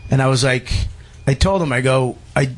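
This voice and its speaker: A man's voice: mid-range voice, moderate pace. A man, a comedian, telling a story on a radio talk show, swearing a lot, laughing, and acting out the people he quotes. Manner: profane, laughing, acts out quoted voices. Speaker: guest comedian.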